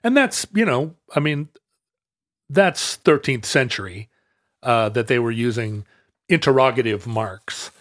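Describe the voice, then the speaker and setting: A man's voice: mid-range voice, expressive, unhurried, fairly bright tone, dry recording, studio quality. A man co-hosting a casual chat, musing aloud and often restarting his thoughts.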